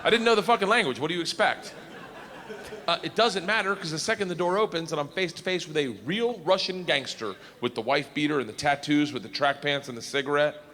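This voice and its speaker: A man telling a stand-up story loudly and rowdily, laughing through his punchlines, recorded live at a show. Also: fairly high pitch, fairly quick. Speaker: stand-up comedian. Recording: live show in a hall, audience noise.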